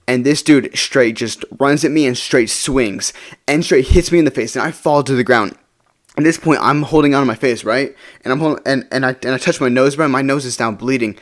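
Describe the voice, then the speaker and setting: Fast-talking young man telling a story. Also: medium pitch. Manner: rambling, keeps asking "right?", swears casually. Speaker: storytime vlogger. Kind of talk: casual storytime monologue.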